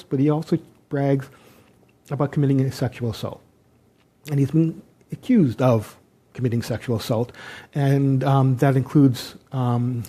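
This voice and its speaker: A man giving an unscripted political commentary, hesitant and halting, with sardonic asides. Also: mid-range voice, mellow, husky. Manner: hesitant, many ums and restarts, sardonic asides.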